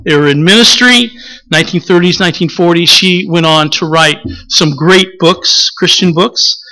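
An older man preaching a sermon, telling the story with animated acted-out quotes before teaching on the text. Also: sits high, moderate pace, poor audio. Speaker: pastor.

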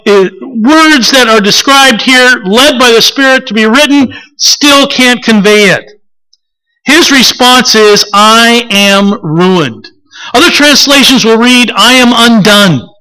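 A male preacher with a high voice works through a sermon at an unhurried pace, reflective and steady. His tone is bright and forward, and he often stops to put rhetorical questions to the congregation. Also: rough recording.

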